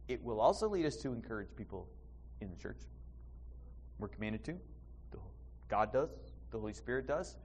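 A man preaching a sermon in church, animated, with restarts and sudden bursts of loud emphasis. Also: medium pitch. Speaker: pastor.

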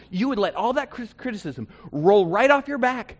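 A man preaching a conversational sermon, swinging between loud bursts and hushed asides. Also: sits high, sing-song, brisk, few pauses. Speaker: pastor.

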